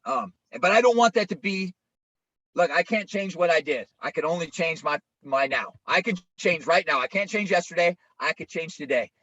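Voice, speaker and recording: A man's voice: fairly high pitch, lively intonation, normal speed, pushed and bright, no room sound. A male pastor preaching an informal, conversational sermon, often checking in with listeners by asking "right?". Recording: dull lo-fi, dry sound.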